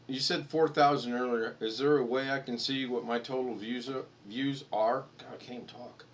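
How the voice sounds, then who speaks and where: A man's voice: mid-range voice, fairly even intonation, normal speed. An American man hosting a casual live stream chat, rambling and joking and laughing at his own stories. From United States.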